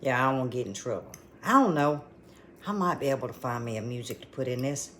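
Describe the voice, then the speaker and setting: A woman's voice: extremely low pitch, lively intonation, fast talker, a little hiss or hum. A woman hosting a casual cooking vlog from her kitchen, folksy and full of exclamations. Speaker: cooking channel host.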